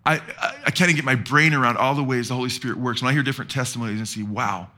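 A man's voice: mid-range voice, rapid-fire, pushed and bright. A man preaching a sermon as pastor, asking the congregation to answer back. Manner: preaching with call-and-response questions to the congregation.

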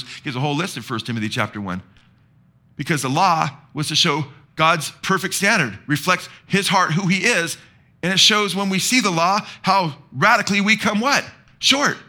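A man's voice: on the high side, fairly quick, sharp tone. A man preaching a sermon as pastor, asking the congregation to answer back. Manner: preaching with call-and-response questions to the congregation.

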